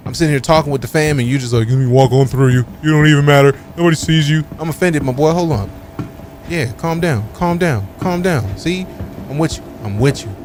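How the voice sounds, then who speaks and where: A man's voice: mid-range voice, darkish tone. A man live-streaming a game, chatting casually with his viewers and joking around with playful, mock-offended trash talk full of slang.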